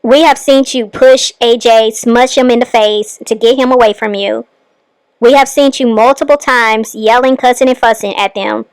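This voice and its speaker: A woman's voice: fairly high pitch, smooth, dry recording, low-quality recording. A woman hosting a reaction commentary, scolding the person on screen with pointed rhetorical questions. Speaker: commentary channel host.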